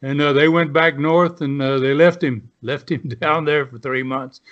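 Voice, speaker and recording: A man's voice: on the high side, steady tone, moderate pace, fairly bright tone, dull audio. A man in his seventies, a guest telling old stories in a rambling way, full of fillers. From Southern United States. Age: 70s. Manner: rambling storyteller with many fillers. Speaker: guest, retired pro wrestler. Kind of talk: storytelling interview.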